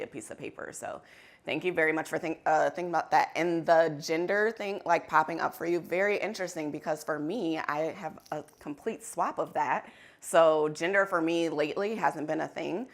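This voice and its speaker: A woman with a low, gravelly voice leads a workshop in front of a room of people. She talks candidly and with animation, and she laughs easily. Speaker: workshop facilitator. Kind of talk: interactive workshop talk. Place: conference room with an audience.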